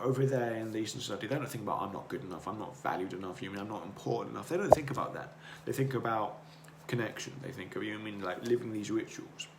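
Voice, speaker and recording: A man with a lowish voice talks earnestly and circles back over his own words in a rambling motivational monologue. The room around him is echoey, and a faint hiss sits under the voice. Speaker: podcast host. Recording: roomy echo, faint noise.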